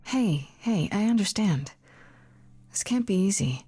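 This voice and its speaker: A woman's voice: medium pitch, expressive, measured pace, warm tone, slightly rough. An actress playing an uneasy young woman, new to the group, who speaks hesitantly and with sympathy. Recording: game audio with faint music.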